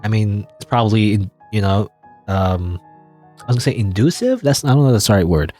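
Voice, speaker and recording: A man's voice: on the low side, lively intonation, a little fast, a little mellow, faint music behind. A man casually commenting on a video game as he plays, rambling and hedging with chuckling asides. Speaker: let's play gamer.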